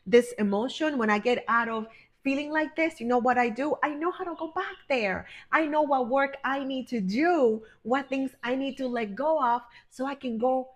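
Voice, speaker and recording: A woman who works as a healer and life coach, talking straight to the camera in an effusive, emphatic way and calling the viewer honey and my friend. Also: high-pitched. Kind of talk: motivational direct-to-camera talk.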